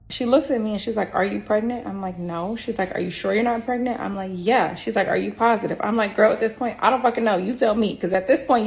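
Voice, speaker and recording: A woman vlogger telling a personal story in a casual, animated way, acting out the people she quotes and addressing viewers as "y'all.". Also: mid-range voice, creaky, poor audio.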